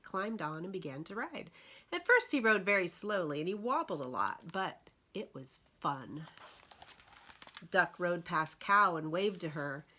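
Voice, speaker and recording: A woman librarian reading picture books aloud to young children, gentle and expressive. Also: fairly low pitch. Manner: gentle, expressive storyteller for toddlers.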